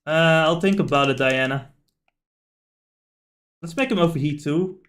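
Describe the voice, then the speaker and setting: Male gaming streamer, fairly high voice, rambling and animated, loose casual chat with lots of "like" and swearing. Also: measured pace. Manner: rambling, animated storyteller with frequent fillers and swearing. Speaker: streamer playing a video game.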